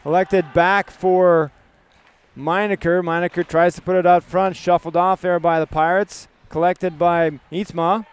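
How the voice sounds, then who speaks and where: High-voiced man calling youth hockey. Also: little pitch movement, clear, resonant tone. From Canada. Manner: rapid clipped puck-by-puck calls. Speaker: play-by-play commentator.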